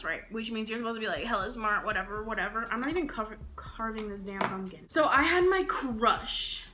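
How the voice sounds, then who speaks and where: A young woman vlogger telling embarrassing stories in a casual, animated, slangy way while carving a pumpkin. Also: medium pitch. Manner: animated, slangy, acts out quotes. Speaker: beauty vlogger.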